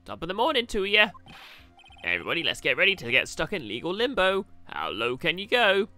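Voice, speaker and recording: A man voicing a loud, boisterous male clown in a video game, booming and punny. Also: huge pitch swings, fast, faint music behind, full character voice.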